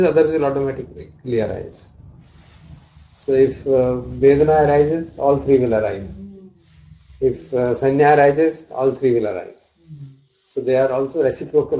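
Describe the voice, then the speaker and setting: A man's voice: mid-range voice, warm tone, low-quality recording. A man teaching a study class, reading out texts and glossing Pali terms as he explains them. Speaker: dharma teacher.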